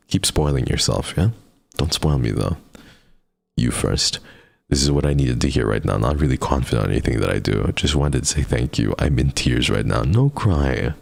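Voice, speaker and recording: A man's voice: extremely low pitch, creaky. A man streaming live in casual chat, talking to his viewers in an affectionate, encouraging pep-talk way. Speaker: livestreamer.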